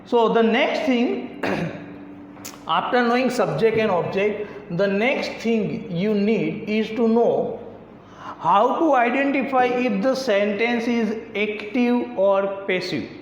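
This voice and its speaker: A man's voice: high-pitched, slight background noise. A man with an Indian English accent teaching a grammar lesson, asking and answering his own questions step by step. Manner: slow, repetitive questioning. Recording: echoey room, slightly dull lo-fi sound.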